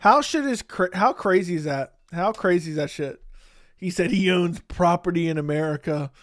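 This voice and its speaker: Profane indignant livestream host. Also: male voice, high-pitched, normal speed. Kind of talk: casual livestream commentary.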